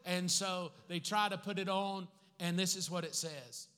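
A man with a high, bright, forceful voice preaches a sermon in a church sanctuary. He slows down to hammer home repeated phrases and tosses playful asides to the congregation. Long reverb from the big hall trails after his words. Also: fairly even intonation, clean tone. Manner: joking asides with the congregation between teaching points; slow emphatic repetition of key phrases. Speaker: pastor.

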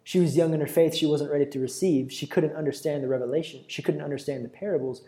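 Earnest young man preaching, mellow voice. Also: a little high, steady tone, fast. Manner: earnest, conversational preaching with restarts. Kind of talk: sermon.

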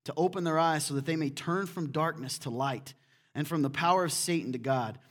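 Animated man preaching a sermon. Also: fairly high pitch, fairly quick. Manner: animated, acts out quotes in voices. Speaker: pastor.

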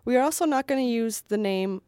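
A woman's voice: fairly high pitch, lively intonation, fairly quick, warm tone, clean tone, no room sound, studio quality. A woman co-hosting a podcast in casual chat, wry and joking, often laughing mid-sentence. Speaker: podcast co-host.

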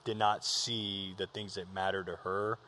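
A man's voice: low voice, little pitch movement, a little slow, bright, forceful tone, a little hiss or hum. A young man, a pro ballplayer, talking candidly and earnestly about his faith with many restarts. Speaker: professional baseball player, guest.

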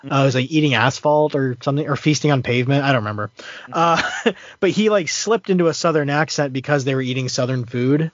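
A man's voice: medium pitch, quick pace, no room sound. A man co-hosting a podcast, talking casually and hesitantly with many fillers. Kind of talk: casual chat. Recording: dry, dull lo-fi sound.

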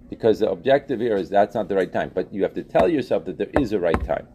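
A man teaching a religious text class, animated, questioning students and repeating phrases as he explains. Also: lowish voice, fast talker, hardly any pauses, noisy background. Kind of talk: interactive class lecture.

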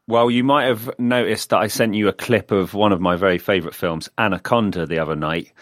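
A man's voice: lowish voice, a little fast, a bit bright, no room sound. Chatty man, dry close sound. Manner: enthusiastic, laughing storyteller. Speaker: podcast co-host. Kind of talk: casual chat. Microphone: remote call recording.

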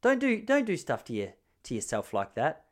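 A man's voice: on the high side, huge pitch swings, normal speed. A man in his thirties hosting a podcast, telling crude stories in a rambling monologue full of restarts. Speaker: podcast host. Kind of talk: casual comedic monologue.

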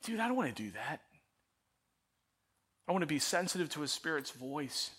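A middle-aged male pastor preaching a sermon in a church, telling a story with animated, self-mocking energy and then turning quiet and prayerful. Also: a little high, normal speed, husky. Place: church auditorium.

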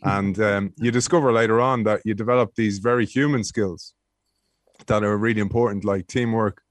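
Man telling stories, low dry voice. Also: moderate pace, no echo. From Ireland. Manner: animated storyteller with frequent restarts. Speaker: guest, former rugby player. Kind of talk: anecdotal interview storytelling.

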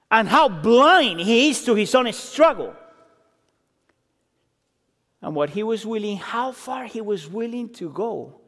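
High-voiced man preaching in a hall. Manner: expressive, acts out quotes, builds intensity then drops low. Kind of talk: sermon. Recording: reverberant hall.

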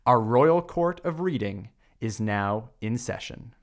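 A man's voice: medium pitch, animated, takes it slowly. Man proclaiming a grand podcast opener. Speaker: podcast co-host. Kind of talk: scripted dramatic monologue.

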